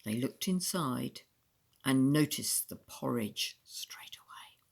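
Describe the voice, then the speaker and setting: A woman reading a children's story aloud in an expressive storytelling manner. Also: a bass voice, slow pace, creaky.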